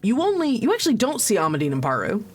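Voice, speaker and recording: A woman narrating as game master of a tabletop game, halting with many pauses and restarts. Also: a little high, huge pitch swings, faint music behind. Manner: halting, lots of ums and restarts, laughs. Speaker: dungeon master.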